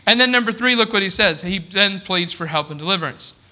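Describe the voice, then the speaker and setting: A middle-aged man preaching a sermon as pastor, animated, checking in with the congregation with "all right?". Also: high voice, a little fast.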